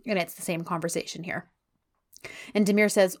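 A woman's voice: on the low side, brisk. A woman co-hosting a podcast, animatedly recapping episodes in casual chat. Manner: animated retelling with fillers. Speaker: podcast co-host.

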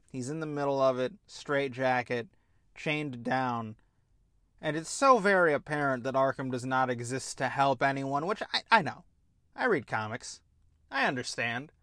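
A young man, hosting and ranting sarcastically about a TV show, profane and prone to outraged yelling. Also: mid-range voice, no echo, clean studio sound. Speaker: podcast host reviewing a TV show. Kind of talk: casual rant.

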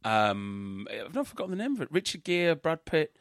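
A man's voice: on the high side, big pitch swings, normal speed, no room sound, studio quality. A man chatting casually with friends, often stopping and restarting as he searches for words. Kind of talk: casual chat among friends.

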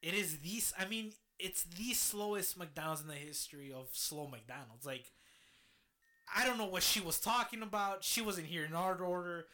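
A man's voice: high-pitched, normal speed, sharp tone. A man telling a road-trip story in a casual chat, swearing freely and laughing as he goes.

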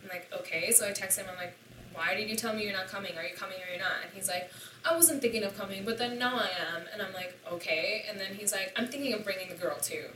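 A woman's voice: medium pitch, quick pace, sharp tone, a little hiss or hum. A woman in her twenties, a podcast guest, telling a personal story in a candid, profane way and acting out the dialogue. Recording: echoey room, distant mic.

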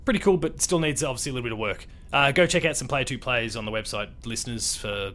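A man's voice: medium pitch, fast, a bit bright. A man with an Australian accent hosting a gaming podcast, talking in a loose, rambling, casual way with mild swearing. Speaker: podcast host. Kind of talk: casual chat.

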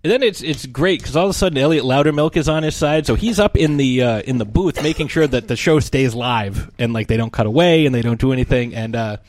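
A man's voice: mid-range voice, fast, hardly any pauses, no echo. Swearing podcast guy, dry close mic. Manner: animated retelling with quoted voices and swearing. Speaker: podcast co-host. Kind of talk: casual movie discussion.

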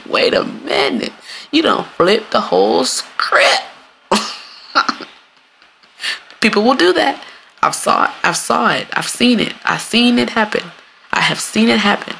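A woman, venting on her solo podcast in a blunt, profane way. Her voice is bright and gravelly, and her pitch swings widely as she acts out other people. A faint hiss of noise sits behind her. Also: lively intonation, measured pace, long pauses. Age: 30s. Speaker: podcast host. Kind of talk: casual solo podcast rant.

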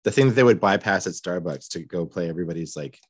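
A man's voice: sits low, expressive, fast talker, breathy edge, dry recording, clean studio sound. A man co-hosting a podcast in casual chat, dropping wry, sassy asides. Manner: wry, sassy asides, lots of short backchannel. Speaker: podcast co-host.

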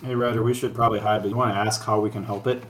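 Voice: medium pitch, level tone, very fast, slight background noise. A player in a tabletop game, making suggestions and joking asides. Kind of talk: tabletop role-play chat.

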